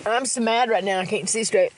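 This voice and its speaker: A woman speaks into her phone during a livestream rant, angry and heavily profane, circling the same complaints again and again. Her voice sits at a middling pitch, and faint hiss runs under the recording. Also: brisk. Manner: profane, heated and repetitive.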